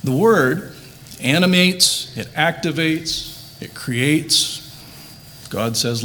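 A man's voice: mid-range voice, slow pace, long pauses, bright, forceful tone, a little hiss or hum. Earnest man preaching a sermon. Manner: earnest, builds emphasis on quoted words, restarts phrases. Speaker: pastor. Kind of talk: quiet closing prayer.

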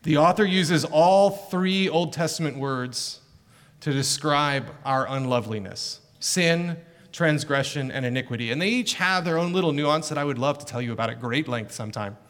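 A man's voice: a little high, moderate pace, a bit bright. A middle-aged male pastor preaching an earnest, emphatic sermon full of rhetorical questions. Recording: long hall reverb.

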